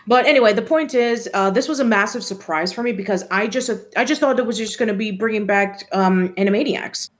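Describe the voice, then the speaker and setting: A woman's voice: medium pitch, brisk, hardly any pauses. A woman co-hosting a podcast in casual chat, talking in a chatty way with many fillers and restarts. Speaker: podcast co-host.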